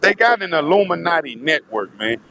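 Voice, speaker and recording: A man's voice: a little high, sing-song, normal speed, pushed and bright, muffled recording, slight background noise. A man telling a rambling, profane story in a casual vlog monologue, often turning to speak to his audience. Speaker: vlogger.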